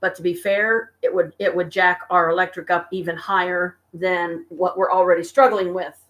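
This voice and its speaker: A woman's voice: lowish voice, flat delivery, fairly bright tone, dull audio. Weary woman venting at home. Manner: weary, venting, slow and halting. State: exhausted and stressed. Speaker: vlogger talking to viewers. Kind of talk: casual live-stream chat. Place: home apartment.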